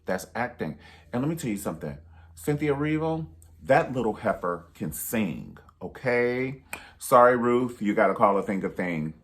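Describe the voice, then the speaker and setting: A man's voice: medium pitch, animated, moderate pace, fairly bright tone. A man giving a casual movie review monologue, sassy and emphatic, repeating himself for emphasis and dropping pet names.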